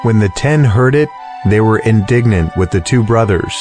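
A man narrating scripture in a steady, clear, formal way. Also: fairly low pitch, normal speed. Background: music underneath.

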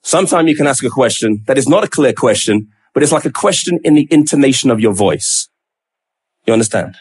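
A man preaching a sermon, acting out a prophet's pleading questions and dropping low and slow to stress key words. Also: expressive, slightly rough.

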